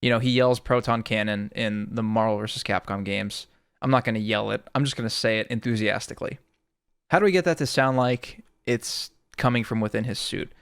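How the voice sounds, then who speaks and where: A man's voice: on the low side, brisk, creaky, fairly bright tone, smooth, no echo. A man giving a casual audio tutorial, explaining in a laid-back way with lots of "sort of", close to a studio microphone. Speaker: music producer explaining sound design.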